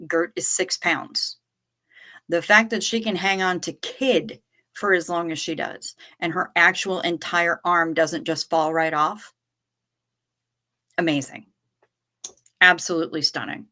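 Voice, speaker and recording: A woman hosting a livestream from home, her talk loose, candid and full of swearing. She speaks in an unhurried drawl with a bright, forceful edge to her voice. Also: on the low side. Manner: profane, candid and rambling. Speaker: livestream host. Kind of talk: casual livestream chat.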